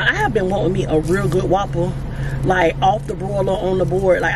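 A woman in her forties, a vlogger chatting excitedly and rambling to her phone camera from her car. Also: mid-range voice, background noise. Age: 40s. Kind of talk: casual vlog talking to camera.

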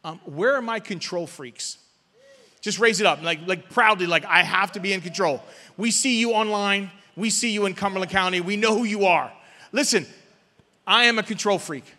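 A male pastor preaching a sermon in a church, urging the crowd to answer back and swinging between loud calls and hushed words. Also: sits high, moderate pace. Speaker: guest pastor. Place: church sanctuary. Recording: long reverb of a church hall.

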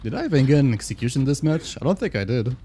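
A man's voice: medium pitch, sing-song, fast, dark tone, slight background noise. A young man streaming a game, casually reacting and swearing as he talks through the match at his desk mic. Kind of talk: gameplay commentary.

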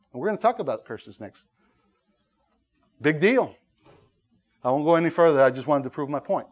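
A man with a high-pitched voice preaches a sermon to his congregation. He talks in an animated way, breaking into little acted-out voices, and often restarts his sentences with fillers. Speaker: pastor.

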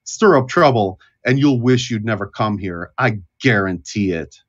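A man voicing a stern, gruff male gatekeeper who lays down the rules. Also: on the low side, lively intonation, normal speed, muffled recording. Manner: stern, warning, formal.

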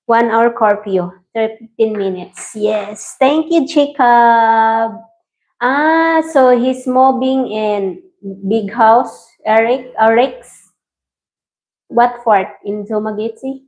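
A woman's voice: fairly high pitch, takes it slowly, darkish tone. A woman hosting a casual livestream, reading viewer comments and greeting them by name in simple English. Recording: dull lo-fi stream audio.

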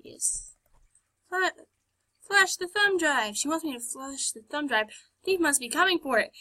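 Woman doing a let's play, high-ish bright voice, snarky and chatty. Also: lively intonation, unhurried. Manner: chatty, sarcastic, talking back to characters. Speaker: gamer.

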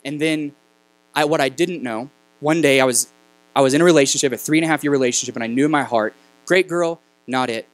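A man in his thirties preaching as a guest speaker, telling a personal story in a halting, conversational way that turns emotional. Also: medium pitch, dry recording, poor audio. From New Mexico. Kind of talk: storytelling sermon. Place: church sanctuary.

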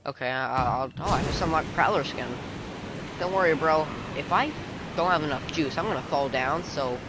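A man's voice: a little high, moderate pace. A young man chatting casually while streaming a game, rambling and calling everyone bro. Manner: rambling, excitable, says bro a lot. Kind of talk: casual gaming chat. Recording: noisy game stream audio.

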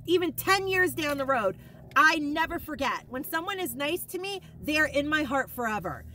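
A woman in a casual shopping haul vlog, gushing and rambling with excitement, emotional and near tears at times. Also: sits high, normal speed, a little hiss or hum. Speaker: haul vlogger.

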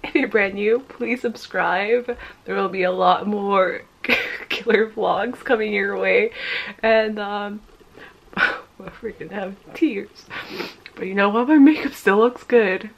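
A young woman in her twenties talks to her camera in a slow, gravelly-edged voice with plenty of vocal fry. She is emotional and close to tears, gushing and giggling between her words. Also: medium pitch, fairly even intonation, a bit bright, lo-fi sound, slight background noise. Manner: gushing, giggly, breaks into laughter often. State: teary and emotional. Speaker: vlogger. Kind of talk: casual emotional vlog to camera.

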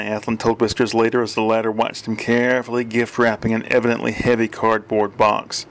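A man narrates an audiobook, reading the scene in a dry, even storytelling voice. His delivery is scripted and steady. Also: on the low side, fairly quick, few pauses.

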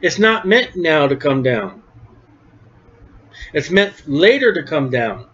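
High-voiced preacher man, emphatic. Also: big pitch swings, slow, fairly bright tone, breathy edge. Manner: conversational, emphatic, stumbles and repeats words. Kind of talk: sermon-style Bible study. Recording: dull lo-fi recording.

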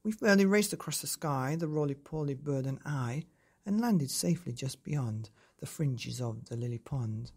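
A podcast host reading a rhyming storybook aloud at bedtime, with a lively, rhythmic delivery. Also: mid-range voice, moderate pace, slightly rough.

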